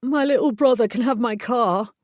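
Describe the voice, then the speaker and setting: A woman's voice: a little fast, a little mellow, no echo, clean studio sound, close to an everyday voice. A woman voicing a vain, panicky young male fairy who wails melodramatically. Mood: mournful. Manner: shrill melodramatic wailing.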